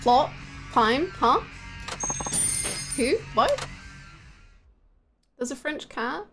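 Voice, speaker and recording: Woman streamer, high voice all over the place, slow giggly chatter, game music going loud behind. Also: sing-song. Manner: playful, giggly reactions. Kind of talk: live gameplay commentary.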